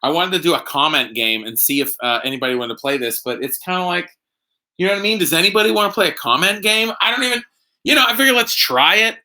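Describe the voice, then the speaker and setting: A man's voice: sits high, lively intonation, fast, pushed and bright. A man hosting a casual live stream from home, tipsy from drinking, rambling and joking with lots of fillers. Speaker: host.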